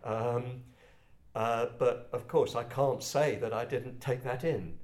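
Older man, English accent, reflective, halting, self-deprecating, echoey room. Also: medium pitch, fairly even intonation, a little mellow. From England, Kent. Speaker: speaker addressing a group. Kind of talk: personal storytelling talk. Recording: roomy echo.

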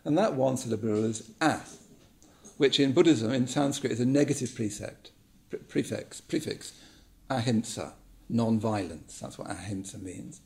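A man giving a reflective talk, musing aloud, repeating words and pausing with ums. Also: medium pitch, expressive.

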